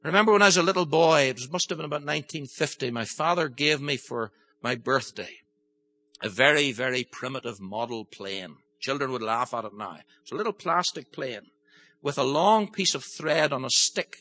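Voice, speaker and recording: An older man preaching a sermon, impassioned, moving from gentle storytelling to forceful pleading. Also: medium pitch, animated, brisk, a little hiss or hum.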